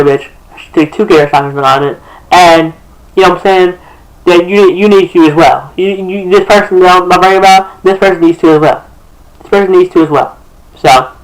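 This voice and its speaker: A man's voice: high-pitched, poor audio. A young man talking casually to his camera, breaking down his own song lyrics in a sassy, chatty, rambling way. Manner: sassy and chatty, calls people girl, many restarts. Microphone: camera facing him.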